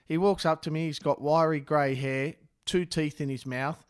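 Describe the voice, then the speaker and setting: Wry Australian host spinning a yarn. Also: male voice, a little high, steady tone, moderate pace, smooth. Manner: wry, teasing. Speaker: podcast host. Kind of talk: casual storytelling.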